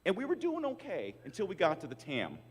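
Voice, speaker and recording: A man's voice: sits high, huge pitch swings, fairly quick, breathy edge. An older man in his sixties giving a commencement address with wry, self-deprecating storytelling. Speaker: commencement speaker. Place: large auditorium. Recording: hall reverb from a PA.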